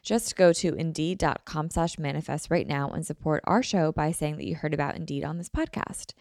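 A woman reading scripted sponsor ads in a smooth, promotional delivery. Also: deep voice, brisk, a little mellow, no echo, studio quality. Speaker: ad reader. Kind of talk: scripted podcast ad read.

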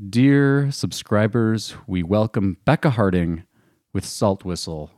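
A man's voice: lowish voice, expressive, slow, a little mellow, no echo. A man co-hosting a podcast, casual chat with dry, teasing humor. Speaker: podcast co-host.

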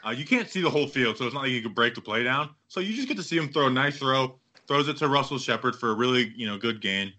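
A man hosting a casual sports podcast, talking in a rambling, excitable way and acting out other people's quotes. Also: medium pitch, quick pace, few pauses. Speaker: podcast host.

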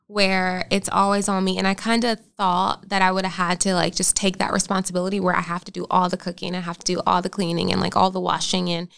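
A young woman chatting casually, telling stories in an animated way and laughing often. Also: lowish voice, quick pace, vocal fry, few pauses, clean tone. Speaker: bride-to-be guest. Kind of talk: casual chat.

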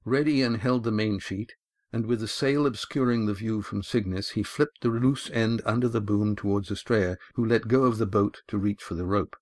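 A man with a low voice reads an audiobook chapter in a measured, even manner. The sound is close and very dry, with no room heard around him, and he is on a studio mic. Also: no echo. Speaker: narrator. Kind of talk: audiobook narration.

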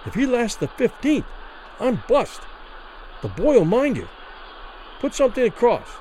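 A man voicing a crooked boxing promoter who urges in a harsh, low voice. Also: huge pitch swings, a little slow, dark tone, a little hiss or hum, full character voice, low-quality recording. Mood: harsh urging. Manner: harsh, low, pleading then demanding.

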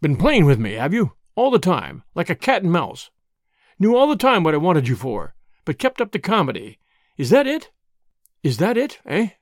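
Give me a narrator putting on an impatient, suspicious businessman who barks his words. His voice is lively and sits on the high side for a man. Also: moderate pace, no echo, clean studio sound. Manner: snarling, forceful, impatient. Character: bullying middle-aged male businessman, suspicious.

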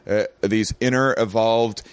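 A man's voice: fairly low pitch, steady tone, measured pace, clean tone, dry recording. A man who is a comedian guest in casual chat, laid-back and explanatory, swearing freely.

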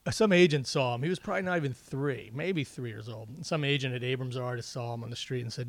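A man's voice: medium pitch, fast talker, vocal fry, hardly any pauses, dry recording. A man telling funny family stories on a podcast, acting out his kids' lines as he goes. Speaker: guest comedian.

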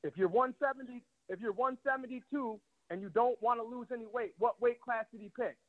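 A high-pitched man in his late thirties on a tinny phone line, out of breath as he calls from a gym. He talks cocky, profane trash in a fast, swaggering way. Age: 30s. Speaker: fighter calling in.

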